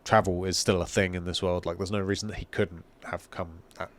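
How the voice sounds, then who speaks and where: A man's voice: low-pitched, level tone, brisk, fairly bright tone. A man co-hosting a gaming podcast, chatting casually and rambling through opinions with the odd swear. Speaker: podcast co-host. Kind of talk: casual chat.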